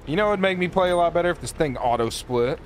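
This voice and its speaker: A man's voice: on the high side, animated, quick pace, a little hiss or hum. A man streaming a game speedrun, chatting casually with viewers in a loose, profane way and thanking people from chat. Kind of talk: casual live-stream chat while playing.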